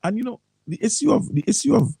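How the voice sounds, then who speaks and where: Vincentian guy hosting morning talk radio, husky and animated, keeps repeating himself. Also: very high voice, fast, no room sound, rough recording. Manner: animated, repeats words, reads posts aloud. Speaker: radio talk show host.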